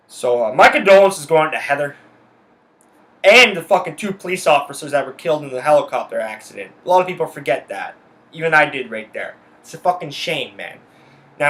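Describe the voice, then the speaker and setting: In a solo monologue, a young podcast host rants angrily, cursing constantly and hammering home each point with emphasis. His voice sits on the high side and has a sharp tone.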